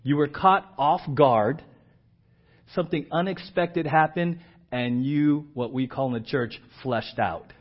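A male pastor delivers a sermon in an unhurried, deliberate voice that sits a bit high for a man. He plays out the scripture scenes with sudden leaps in pitch and volume and keeps checking in with the room. The recording sounds muffled and lo-fi. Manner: animated, acts out quoted lines with big swings in pitch and volume; asks the congregation questions and often checks in with "right?". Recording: dull lo-fi church audio.

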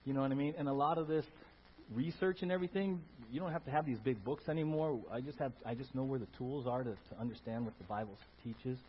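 A man preaching a sermon in church, talking in an animated way, rising to loud emphatic bursts and putting questions to the congregation. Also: mid-range voice, fast, a little hiss or hum. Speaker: pastor. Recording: dull lo-fi sound.

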